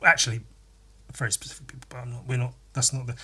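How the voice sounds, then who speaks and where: A man's voice: medium pitch, level tone, fast, sharp tone, breathy edge. A man hosting a podcast, rambling through a crude, mock-earnest comedy monologue with giggly asides. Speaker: podcast host.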